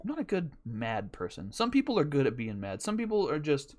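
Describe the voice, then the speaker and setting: A man's voice: fairly high pitch, wildly swooping pitch, brisk, a little mellow. A young man hosting a podcast, telling a rambling, profane, self-mocking story in casual chat and laughing often. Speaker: podcast host.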